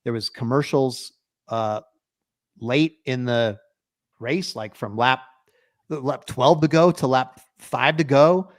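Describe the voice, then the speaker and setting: A middle-aged man co-hosting a sports podcast, ranting in an exasperated, animated way. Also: medium pitch, slow, pauses often. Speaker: podcast co-host. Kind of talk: heated sports podcast rant.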